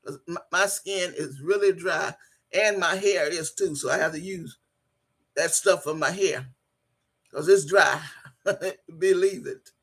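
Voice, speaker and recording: A woman's voice: on the low side, unhurried, long pauses, husky. A woman in her sixties hosting a casual live stream, chatting loosely, laughing and teasing her viewers. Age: 60s. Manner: loud, laughing, teasing commentary; chatty, colloquial, swears freely. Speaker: livestream host reading chat.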